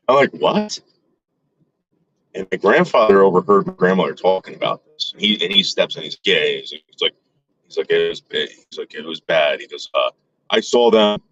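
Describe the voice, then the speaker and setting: Rambling man telling a story, low voice. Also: a little fast, fairly bright tone, dull audio. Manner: rambling, lots of fillers and restarts; acts out quoted relatives with voice shifts. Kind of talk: casual storytelling.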